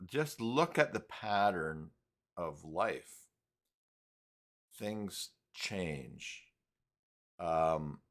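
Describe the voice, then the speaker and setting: A man's voice: on the low side, fairly bright tone. A man hosting a casual live stream, rambling and reading chat messages aloud.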